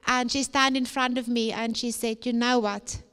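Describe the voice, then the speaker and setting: A woman's voice: on the high side, level tone, moderate pace, a bit bright, smooth. A woman giving an emphatic, preacher-like talk to young people at a conference. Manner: emphatic, repetitive preacher-like phrasing. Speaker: conference speaker. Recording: long hall reverb.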